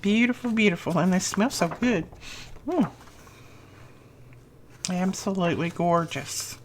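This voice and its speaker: A middle-aged woman hosting a crafting channel, gushing over happy mail she unboxes in a slow, lingering way. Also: on the low side, lively intonation, slight background noise. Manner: gushing, effusive.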